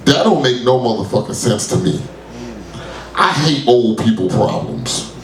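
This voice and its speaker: Profane New comic in a roomy club. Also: male voice, expressive, unhurried, slight background noise. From New York. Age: 30s. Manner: loose, profane, shouty bits with high-pitched outbursts. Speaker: stand-up comedian. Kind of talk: stand-up comedy set. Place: small club at an open mic. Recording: roomy club sound from a distant mic.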